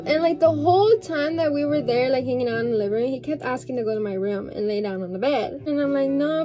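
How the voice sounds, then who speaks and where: A woman's voice: high-pitched, warm tone. A young woman casually telling a story while getting ready, chatty, filling her talk with "like" and frequent swearing. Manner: chatty, heavy use of "like" and swearing.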